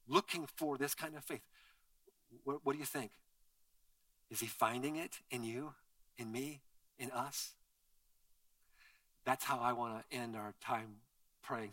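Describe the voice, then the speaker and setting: Pastor, male, slow and earnest closing prayer, set a little back from the mic over a music bed. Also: mid-range voice, sharp tone, distant mic. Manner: earnest, pleading, repeats phrases. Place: church sanctuary. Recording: music playing behind, from off the mic.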